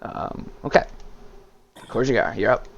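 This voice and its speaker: A man narrating a tabletop game as game master, animated and full of sound effects. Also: mid-range voice, a little slow, vocal fry, lo-fi sound, slight background noise.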